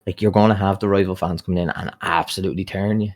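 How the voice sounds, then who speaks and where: A man's voice: deep voice, steady tone, rapid-fire. A young Irish man chatting on a podcast, telling a story full of swearing and acted-out quotes. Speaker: podcast guest. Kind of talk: casual podcast chat, storytelling.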